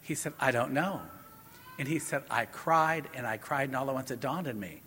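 A man's voice: mid-range voice, moderate pace, sharp tone, a little hiss or hum. Middle-aged priest guy, storytelling sermon, plain mid voice, big church echo. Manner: storytelling, conversational preaching. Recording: long church reverb.

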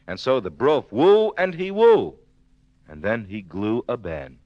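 A man telling a comic tale full of swapped sounds, playful and lively, on an old record. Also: medium pitch, a little slow, no echo, highs cut off. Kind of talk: comic storytelling in spoonerisms.

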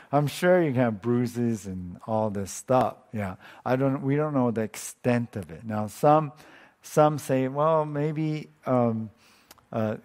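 Man, pastor, casual sermon, musing aloud, chuckling, mid-pitched voice.

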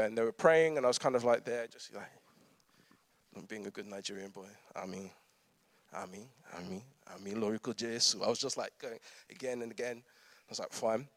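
A man's voice: mid-range voice, no echo. A man, preaching a conversational sermon with humorous asides and frequent laughter. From London. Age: 30s.

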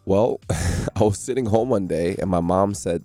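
A man from New Jersey, a guest in a radio studio, telling his story with animated energy and acting out the voices of the people in it. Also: deep voice, normal speed, dry recording, faint music behind. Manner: animated, acts out quoted voices.

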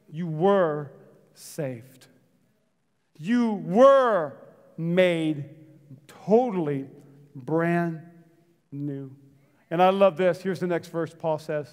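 High-voiced preaching man in a reverberant hall. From United States. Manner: dynamic preaching, swinging from shouts to soft near-whispers; calls out to the congregation. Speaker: pastor. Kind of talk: sermon. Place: church hall.

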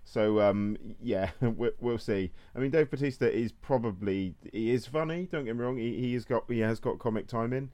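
A man's voice: mid-range voice, normal speed, few pauses, warm tone. A man co-hosting a film review show, chatting casually and laughing easily at himself. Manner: self-deprecating, laughs easily, hesitant fillers.

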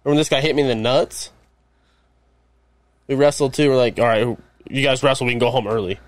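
A young man, a guest, making low-key, dry remarks in casual chat. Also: fairly even intonation, brisk, no room sound.

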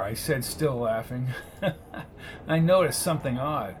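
A man's voice: mid-range voice, normal speed, slight background noise. A man narrating a first-person hard-boiled detective story in a wry, laid-back way.

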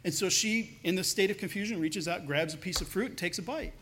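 A man's voice: fairly quick, few pauses, bright, forceful tone, a little hiss or hum. A man preaching a sermon in a casual, conversational way, dropping his voice to act out quoted speakers. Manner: conversational, acts out quoted voices with lowered pitch. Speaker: pastor.

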